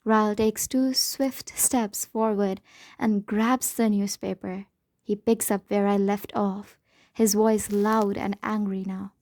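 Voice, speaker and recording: A woman's voice: mid-range voice, fairly even intonation, takes it slowly, a little mellow, dry recording. A woman reading a novel aloud in first person, with a dramatic, emotional delivery. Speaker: audiobook narrator. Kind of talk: first-person audiobook narration.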